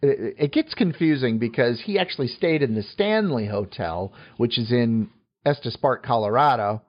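A man co-hosting a casual podcast chat, halting through many fillers and tossing in joking asides. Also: mid-range voice, expressive, muffled recording. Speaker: podcast co-host.

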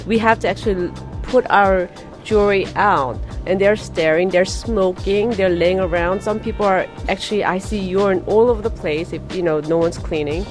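A woman's voice: medium pitch, normal speed. Woman, store owner, frustrated plain talk, faint music behind. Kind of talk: interview.

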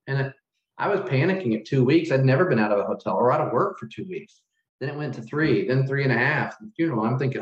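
A middle-aged man, a hotel manager, telling a personal story in an interview, earnest and halting, close to tears. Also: medium pitch, lively intonation. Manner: earnest, halting, with many restarts and fillers. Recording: roomy, dull lo-fi sound.

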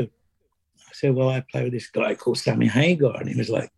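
A middle-aged Englishman answers interview questions at an unhurried, storytelling pace. His voice is mellow and dark, and he starts over often and slips into quoted dialogue as he goes. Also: medium pitch, fairly even intonation, creaky, husky. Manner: halting, many restarts and fillers, acts out quoted lines. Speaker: interview guest, drummer. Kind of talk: conversational storytelling.

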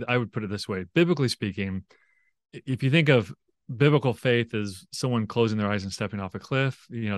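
A man's voice: lowish voice, no echo. A man as a guest on a podcast interview, talking casually and acting out the voices of the people he quotes, with many fillers. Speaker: biblical scholar guest.

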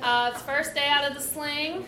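A woman's voice: high-pitched, fairly even intonation, moderate pace, crowd noise. A woman telling a candid comedic story in a casual way, giggling and saying "like" a lot. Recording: echoey room with background noise.

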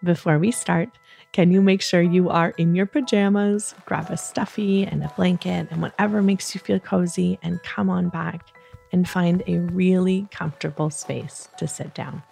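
A woman hosting a children's bedtime podcast, talking in a soft, soothing, gentle way. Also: on the low side, fairly even intonation, gravelly, soft background music. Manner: soft, slow, soothing, playfully acts out yawns. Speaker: host of a kids bedtime podcast.

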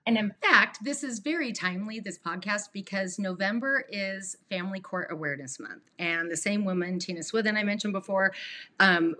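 A woman's voice: medium pitch, pushed and bright. A woman guest on a podcast who coaches abuse survivors, talking earnestly and rambling with restarts. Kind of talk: emotional interview talk.

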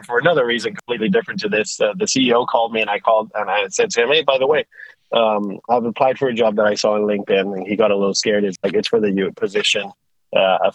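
A man with a lowish voice tells his story in a loose, animated way, often stopping and restarting mid-sentence. The sound is dry and close, with no room around it. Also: dry recording, poor audio. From Sweden. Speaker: guest, tilt rotator company executive. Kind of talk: casual conversational storytelling.

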